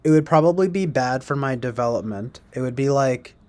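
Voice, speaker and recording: A man's voice: medium pitch, a little fast, a little mellow. A man casually chatting on a livestream, rambling and joking as he reads out viewer comments. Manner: rambling, jokey, reads out chat comments in mock voices. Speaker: livestream host.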